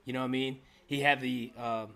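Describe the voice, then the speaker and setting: A man hosting a casual talk show, relaxed and conversational with plenty of fillers. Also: medium pitch, fairly quick. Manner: relaxed, conversational, lots of you know. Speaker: host.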